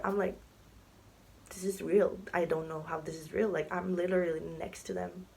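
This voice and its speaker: A woman's voice: mid-range voice, creaky, darkish tone, slightly rough, low-quality recording. A young woman telling a story on her vlog in a chatty, casual way, full of fillers and often dropping into a whisper. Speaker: vlogger. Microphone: camera mic, sitting to film.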